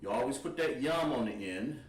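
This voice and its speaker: A man teaching a Hebrew class at a board, patient and encouraging, repeating words slowly. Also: medium pitch, animated, noisy background. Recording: echoey room, voice from far off.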